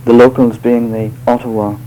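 A man giving a live poetry reading to an audience, delivering verse in a measured, unhurried way with hesitant spoken asides between poems. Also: medium pitch, level tone, mellow, slight background noise, poor audio. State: voice slightly off tonight.

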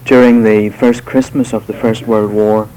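A man giving a live poetry reading to an audience, delivering verse in a measured, unhurried way with hesitant spoken asides between poems. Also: fairly low pitch, little pitch movement, warm tone, slight background noise, low-quality recording. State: voice slightly off tonight.

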